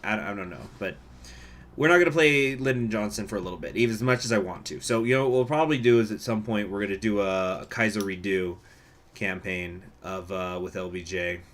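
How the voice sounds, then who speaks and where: A man's voice: lowish voice, brisk, a bit bright. Chatty man streaming a strategy game. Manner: chatty, laughs often, reacts to chat. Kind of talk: casual live-stream commentary.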